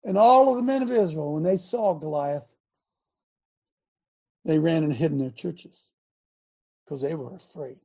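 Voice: medium pitch, measured pace, long pauses, dark tone. A preacher delivering a dramatic sermon, retelling scripture loosely and calling the congregation to answer amen.

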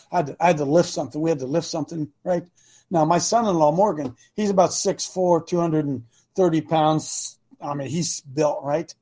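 A man's voice: on the high side, warm tone. A man in his sixties hosting a call-in talk show, folksy and preachy, acting out the voices he quotes. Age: 60s. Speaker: radio show host.

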